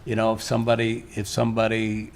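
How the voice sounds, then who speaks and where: Older male painter, low monotone, rambling guest at a live gallery event, faint ambience. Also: creaky, a little hiss or hum. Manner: rambling, halting, restarts often. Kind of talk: casual interview chat.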